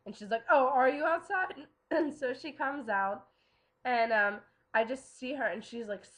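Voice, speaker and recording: A woman's voice: on the high side, a little slow, a bit bright. A young woman casually telling a personal story to camera, chatty and full of "like" and "um". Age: young adult. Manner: chatty, lots of "like" and "um" fillers. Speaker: vlogger.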